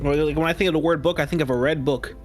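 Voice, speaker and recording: A man's voice: a little high, steady tone, racing. Joking man over background music. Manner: joking, profane banter. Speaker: player. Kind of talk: casual chat during a tabletop game.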